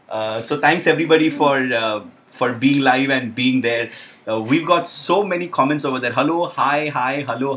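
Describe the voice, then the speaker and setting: A young man with an Indian accent hosting a casual live Q&A, chatty and excitable, with lots of uh and um. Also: fairly high pitch, a little hiss or hum. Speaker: live stream host.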